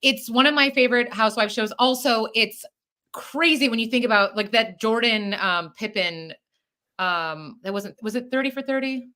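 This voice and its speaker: A woman's voice: on the high side, moderate pace, bright, forceful tone. A woman co-hosting a podcast, chatting casually and rambling with lots of fillers. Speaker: podcast co-host. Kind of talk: casual chat.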